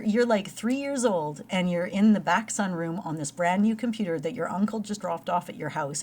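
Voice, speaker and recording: A middle-aged woman with a Canadian accent, co-hosting a casual chat and telling stories with frequent laughs. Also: fairly low pitch. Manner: chatty, laughs often, storytelling. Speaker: podcast co-host.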